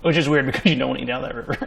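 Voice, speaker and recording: A man's voice: fairly high pitch, vocal fry, very noisy. A man co-hosting a podcast in casual chat, joking and acting out voices as he tells stories. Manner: joking, animated, acts out quoted voices. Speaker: podcast co-host and producer.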